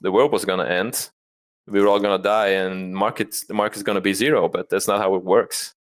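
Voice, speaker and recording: Low-voiced self-deprecating trader. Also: male voice, fairly even intonation, a little fast. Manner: self-deprecating, rambling with restarts. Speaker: interview guest, trader. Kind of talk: candid conversational interview.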